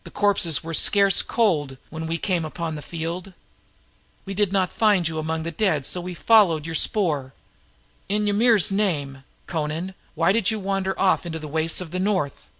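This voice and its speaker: A man voicing a gruff, bearded Norse warrior who speaks with grunting urgency in a read-aloud tale. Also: sits high, bright, forceful tone, dry recording, exaggerated voice.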